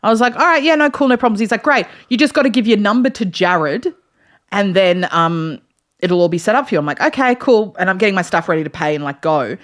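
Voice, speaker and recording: A woman's voice: mid-range voice, fast talker. A woman co-hosting a podcast, telling a story with lots of laughs and acted-out quotes in casual chat. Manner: animated storyteller, acts out quotes, laughs often. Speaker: podcast co-host.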